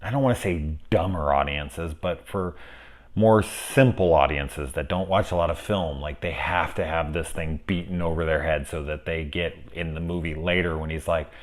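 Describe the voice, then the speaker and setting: Deep voiced guy rambling thru a movie review, cussing, loose and chatty. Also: moderate pace. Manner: rambling, profane, animated asides. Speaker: film reviewer. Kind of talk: casual spoiler review chat.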